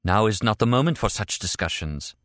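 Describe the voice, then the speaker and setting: A man's voice: on the low side, expressive, brisk, a bit bright, dry recording, clean studio sound. A man voicing a proud, fierce young woman agent who speaks solemnly and bitterly.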